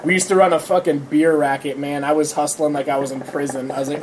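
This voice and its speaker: A young man co-hosting a casual podcast, pitched a bit high as he tells crude stories between bursts of laughter. A steady hiss of noise sits under his voice. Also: brisk. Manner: profane, laughing storyteller. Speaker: podcast co-host. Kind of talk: casual podcast banter and storytelling.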